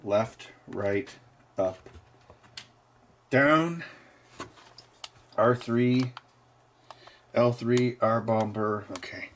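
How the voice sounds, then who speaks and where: A man's voice: medium pitch, drawn-out words, pauses often, a little hiss or hum. A man hosting a live stream, chatting casually and wryly while tinkering and testing gear. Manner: wry, offhand, laughs at his own jokes.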